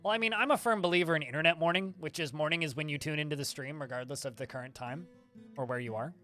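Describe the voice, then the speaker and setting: Streamer guy, bright and forceful, slightly high, chatty and quick, faint guitar music under him. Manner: chatty, fast-talking, answers chat questions. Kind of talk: casual livestream chat answering viewers.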